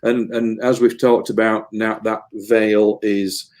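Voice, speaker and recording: A man's voice: lowish voice, little pitch movement, takes it slowly, darkish tone. Earnest, rambling man. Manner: earnest, emotional, meandering with repeated words. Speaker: medium, interview guest. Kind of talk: casual spiritual interview talk.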